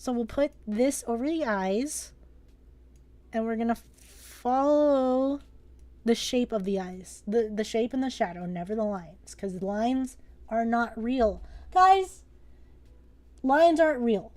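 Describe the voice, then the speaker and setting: Young woman, drawing lesson streamer, slightly high voice, playful, excitable, jokey, casual swearing. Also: measured pace.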